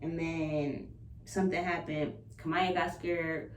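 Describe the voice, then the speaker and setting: A young woman with a fairly low voice talks openly and bluntly in a personal vlog, swearing without restraint. She sits back from the mic in a roomy, echoing space, with faint ambience underneath. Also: slow pace, distant mic, a little hiss or hum. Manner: frank and expressive, swears freely, laughs between thoughts. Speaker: vlogger and spiritual practitioner. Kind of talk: candid personal vlog monologue.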